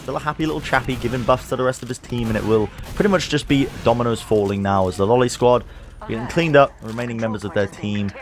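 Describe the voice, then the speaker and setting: Excitable male esports play-by-play caster. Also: fast talker, faint music behind. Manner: energetic, climbs in pitch on big plays, jokey asides. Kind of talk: play-by-play commentary.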